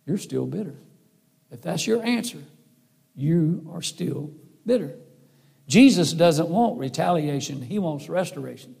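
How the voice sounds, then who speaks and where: A man's voice: on the high side, expressive, a little slow, creaky, long pauses, a little mellow, husky. A middle-aged man preaching a sermon in an earnest, folksy, emphatic way. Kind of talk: sermon with personal story.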